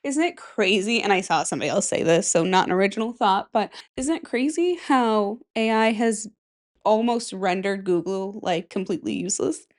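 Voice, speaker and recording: A woman's voice: medium pitch, moderate pace. A woman in her thirties hosting a casual solo podcast, rambling and chatty and swearing freely. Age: 30s. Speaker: podcast host.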